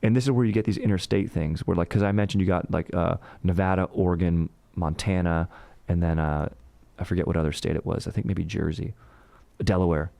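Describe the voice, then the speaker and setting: A man's voice: sits low, fairly even intonation, fairly quick, vocal fry, mellow, no room sound. A man hosting a comedic history podcast, telling it in a rambling, joking and profane way. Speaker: podcast host. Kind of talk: casual comedic history talk.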